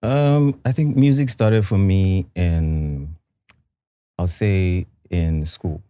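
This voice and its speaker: Soft-spoken Nigerian male singer, deep and mellow, dry studio sound. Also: slow, smooth, no room sound. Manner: soft-spoken, hesitant, mixes Pidgin. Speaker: guest singer. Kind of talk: casual storytelling interview.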